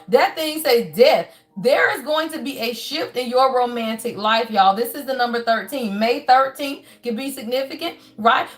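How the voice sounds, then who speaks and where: A woman with a high voice gives a casual tarot reading straight to her viewers. She is emphatic and profane, tags nearly every line with y'all, and breaks into animated laughs and shouts. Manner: emphatic and profane, keeps tagging lines with y'all. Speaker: tarot reader.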